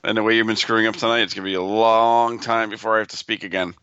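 A man's voice: on the low side, flat delivery, fast talker, pushed and bright, clean tone, no room sound, highs cut off. A man co-hosting a casual podcast, giving dry, teasing short replies. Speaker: podcast co-host. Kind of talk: casual chat.

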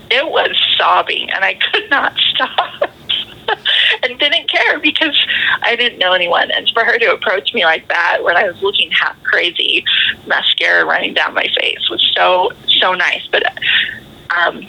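A woman in her thirties recounts a story as a podcast guest, her voice very bright and edged with gravelly fry. She talks animatedly and breaks into laughter often. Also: on the low side, low-quality recording. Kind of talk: casual storytelling in a podcast interview.

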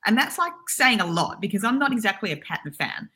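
A woman's voice: medium pitch, big pitch swings, a little fast, sharp tone. A woman co-hosting a podcast in casual chat, opinionated and sarcastic, filling her talk with "like.". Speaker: podcast co-host.

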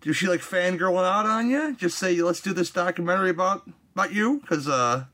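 Male podcast host, crisp bright voice, hesitant casual chat. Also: sits high, brisk. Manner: rambling, hesitant with fillers. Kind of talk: casual interview.

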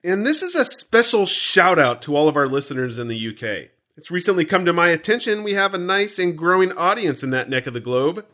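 A man's voice: sits high, very animated, brisk, hardly any pauses, sharp tone. An American man co-hosting a podcast in a jokey, playful, theatrical chat. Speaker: podcast co-host.

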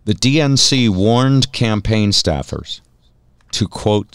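Man, middle-aged, very low voice, lively delivery, dry close studio sound, wry talk host. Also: slow pace, clean tone, dry recording. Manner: wry, joking, reads news items aloud. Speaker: radio show host. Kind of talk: casual talk radio banter.

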